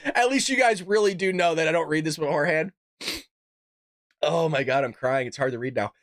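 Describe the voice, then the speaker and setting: A man's voice: a little high, fairly quick, no echo, studio quality. A man hosting a casual political commentary show, ranting, swearing and laughing often. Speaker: podcast host.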